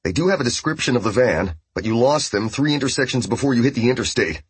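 A man doing a steady comms coordinator. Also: mid-range voice, quick pace, breathy edge, dry recording, pitched above the performer's own voice. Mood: briefing. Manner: steady briefing tone.

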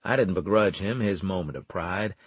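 A man narrating a first-person audiobook in a wry, animated storytelling manner. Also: deep voice, normal speed, breathy edge, dry recording.

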